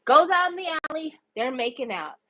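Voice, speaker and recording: A woman's voice: high-pitched, moderate pace, highs cut off, slight background noise. A woman hosting a podcast, animatedly recapping a show in casual, profane storytelling and indignantly acting out the characters' lines. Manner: animated, indignant, swears freely, acts out quotes.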